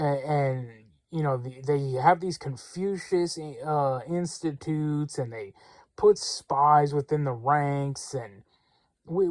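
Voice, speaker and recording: A man's voice: a little high, a little mellow, dry recording. A man hosting a political commentary show, talking through the news in a casual, rambling way with blunt opinions, many fillers and restarts, and a close, dry sound.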